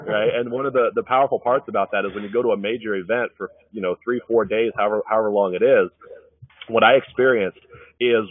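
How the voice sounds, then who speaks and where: A man giving a fast, earnest motivational pitch, often checking in with "right?". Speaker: webinar presenter. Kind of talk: motivational sales talk. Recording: dry tinny phone-like line.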